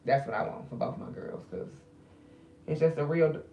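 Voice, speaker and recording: A middle-aged woman speaks in a low voice. She chats loosely and directly to the viewers of her livestream. She is grieving and subdued. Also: moderate pace, mellow, a little hiss or hum. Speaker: spiritual reader streaming live. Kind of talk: casual livestream chat.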